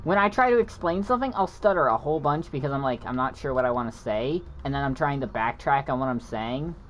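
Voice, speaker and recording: A man's voice: mid-range voice, animated, fast talker, fairly bright tone, a little hiss or hum. A man who stutters and mumbles, chatting casually as a gaming channel host. He rambles, keeps restarting his sentences and doubles back when he loses his thread. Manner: rambling, frequent restarts and backtracking. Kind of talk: casual storytelling chat.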